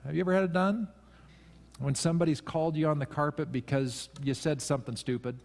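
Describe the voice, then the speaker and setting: A man's voice: a little high, steady tone, brisk, gravelly, a little mellow. Conversational male pastor in a reverberant hall. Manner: conversational and self-deprecating, with emphatic rises. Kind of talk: sermon. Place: church sanctuary.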